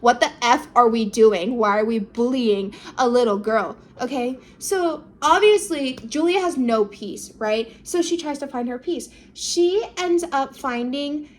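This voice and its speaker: A woman's voice: a little slow, hardly any pauses. A young woman recapping a drama in a casual, chatty way, peppering her talk with "like" and "okay" and jumping into voices for the people she quotes. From United States. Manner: animated, jumps into high-pitched voices for quoted people.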